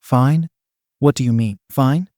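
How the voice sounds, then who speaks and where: A man's voice: medium pitch, a little slow, a little mellow, no echo, studio quality, lightly acted. A man reading the lines of a flustered young girl who stammers and pleads in panic. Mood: panicked.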